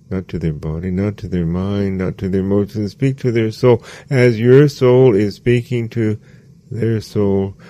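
A man giving a sermon as a spiritual teacher, slow and measured, repeating phrases for emphasis. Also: on the low side, creaky, warm tone, dry recording.

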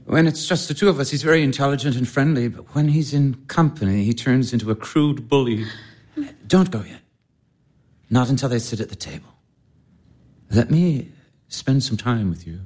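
A man's voice: mid-range voice, moderate pace, a little mellow, lightly acted. A man playing an ardent young baron. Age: young adult. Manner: earnest and ardent. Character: earnest young baron in love. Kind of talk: stage-play radio acting.

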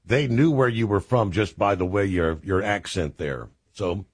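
A man's voice: lowish voice, husky, no echo, studio quality. A man hosting a call-in radio show, friendly and upbeat. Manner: friendly, upbeat, quick thanks.

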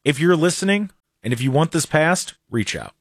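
A man's voice: fairly high pitch, sing-song, no room sound, clean studio sound. Chatty male talk radio host. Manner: chatty, halting, starts sentences over. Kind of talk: casual talk show banter. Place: radio studio. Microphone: studio microphone.

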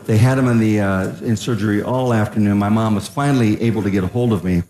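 An older man telling a humorous family story to a live audience, chatty with pauses and restarts. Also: lowish voice, darkish tone. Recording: roomy echo.

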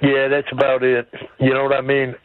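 A man in his seventies calls in to a radio show over a dull phone line, blunt and folksy in his chat. His medium-pitched voice is monotone and fairly quick, and the recording is dry.

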